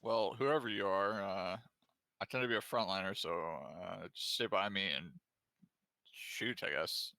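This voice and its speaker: A man's voice: fairly low pitch, measured pace, no room sound. A man playing a tabletop game over voice chat, laying out battle tactics for the group. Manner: plans tactics, lively. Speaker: player.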